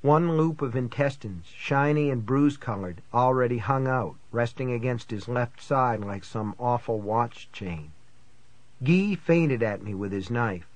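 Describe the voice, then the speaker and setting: Male audiobook narrator, first-person thriller, tense and measured, middle pitch, dry close sound. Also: lively intonation, no echo.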